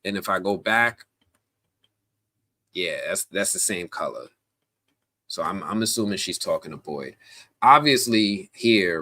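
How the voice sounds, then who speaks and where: Lively, chatty man hosting a live stream. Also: sits low. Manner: chatty and animated, many fillers and restarts; slangy, addresses viewers directly. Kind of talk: casual live-stream chat.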